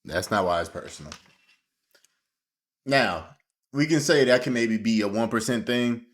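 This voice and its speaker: A man casually reacting to a clip as host, slangy and animated, talking while eating. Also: mid-range voice, a little slow.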